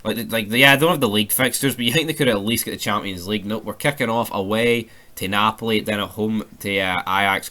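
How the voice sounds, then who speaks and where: A man's voice: fairly low pitch, sharp tone. A young Scottish man giving sweary, ranting casual commentary over a football video game career mode. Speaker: gaming YouTuber.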